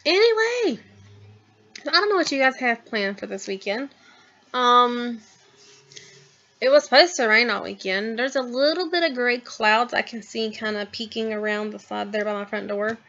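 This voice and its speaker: A woman's voice: fairly high pitch, moderate pace, pushed and bright, highs cut off. Rambling woman vlogging from home. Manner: rambling, many ums and trailing asides. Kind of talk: casual chat to camera. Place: at home, in a house.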